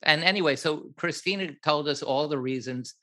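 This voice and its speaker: Older male director, guest storyteller, bright and forceful delivery, acts out the dialogue. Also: on the high side, normal speed. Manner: animated, acts out other people's lines, laughs at his own story. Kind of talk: anecdotal storytelling in an interview.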